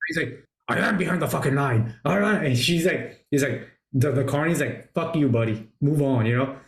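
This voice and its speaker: Male host, casual film talk, lively profane storyteller, slightly high voice, echoey space. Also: moderate pace. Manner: swears a lot, retells scenes excitedly. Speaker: podcast host. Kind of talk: casual movie review chat. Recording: roomy echo.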